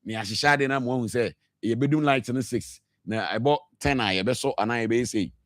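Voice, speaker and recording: A man's voice: medium pitch, fairly quick, dry recording, clean studio sound. A Ghanaian man with a Ghanaian accent arguing passionately on a radio talk show, mixing English with Twi and repeating himself as he presses his points. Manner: passionate, mixes English with Twi, frequent repetitions. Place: radio studio.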